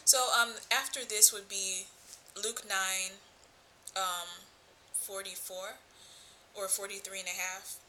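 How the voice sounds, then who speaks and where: A woman's voice: medium pitch, steady tone, slow pace, pauses often, pushed and bright, slight background noise, poor audio. A woman hosting a casual Bible talk, rambling, losing her thread and searching aloud for her point. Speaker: Bible study host.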